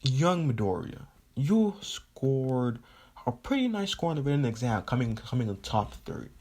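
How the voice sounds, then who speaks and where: A man reading out a letter as an upbeat grown male hero mentor, a bit slower and more proclaiming than his plain talk. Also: medium pitch, sing-song, darkish tone, voice pushed up.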